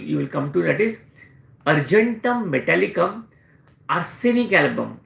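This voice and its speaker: A man with an Indian English accent teaches in a live question-and-answer session. He explains things with repeated emphasis. His voice is high and gravelly, and an echoey room surrounds it. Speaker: homeopathic doctor.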